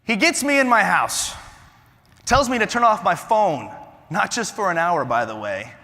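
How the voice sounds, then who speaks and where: Animated man speaking in a big echoey hall. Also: sits high, moderate pace. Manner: animated, quizzes the crowd, swings from loud to hushed. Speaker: motivational conference speaker. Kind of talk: energetic keynote talk to a live audience. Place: large conference hall, on stage.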